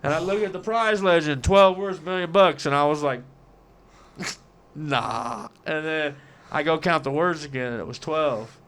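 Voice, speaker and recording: Brief: man, somewhat high voice, clean and resonant tone, profane and lively storyteller. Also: normal speed, pauses often, clean tone. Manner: profane, animated, acts out quotes. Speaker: lottery winner guest. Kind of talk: casual storytelling.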